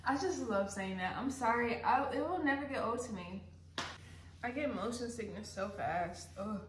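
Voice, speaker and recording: A woman's voice: on the high side, normal speed. A young woman vlogger chatting casually and rambling, sometimes talking with her mouth full while eating at home. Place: indoors at home, sitting hunched over. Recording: roomy home recording with faint noise.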